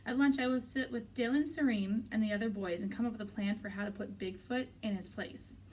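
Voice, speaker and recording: A woman teacher reading a children's novel aloud in a steady, clear storytelling way. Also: mid-range voice, a little fast, far from the mic, slight background noise, low-quality recording.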